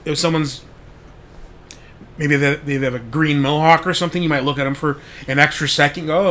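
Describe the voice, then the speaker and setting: A man on the high side, with fairly even intonation and a slightly bright voice, speaks at a moderate pace. He hosts a show and tells a wandering story in a relaxed monologue, leaning on "like" and swearing often.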